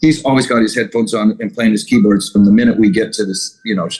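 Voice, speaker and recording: A man's voice: lowish voice, steady tone, quick pace, a little mellow, breathy edge, poor audio. A man being interviewed as a guest musician, talking loosely and rambling with many restarts. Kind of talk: casual interview chat.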